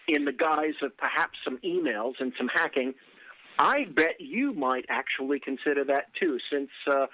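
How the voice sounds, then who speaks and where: A man's voice: a little high, no room sound. A man co-hosting a political talk radio show, emphatic and sarcastic, fond of formal words. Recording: tinny phone line.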